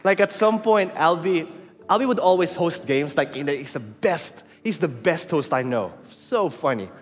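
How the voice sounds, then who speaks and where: The speaker is a man whose voice runs on the high side, expressive and at a moderate pace, preaching with a Filipino accent. In his sermon he tells a personal story openly and conversationally, dropping in bits of Tagalog. The hall is reverberant, with faint music and crowd noise.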